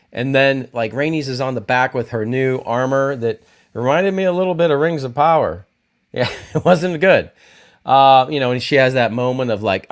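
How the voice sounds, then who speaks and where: A man in the middle of a casual livestream, talking loosely and animatedly. He keeps correcting himself and wanders between points. His voice sits at an ordinary middle pitch. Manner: rambling, self-correcting, animated. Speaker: YouTube host reviewing TV shows.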